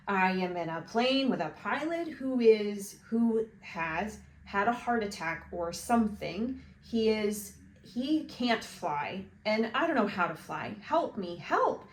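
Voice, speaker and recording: Lady putting on a scared teen boy yelling for help, high and desperate, roomy sound, bit of hiss. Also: animated, slow pace, few pauses. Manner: frantic, pleading, breaking into shouts. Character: panicked teenage boy stranded in a plane.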